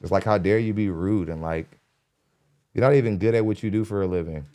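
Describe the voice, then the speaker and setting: A man hosting a podcast, giving blunt, animated commentary as he reacts to a clip, laughing often between points. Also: lowish voice, a little fast. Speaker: podcast host reacting to a dating show clip. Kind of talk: casual commentary. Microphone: studio dynamic mic.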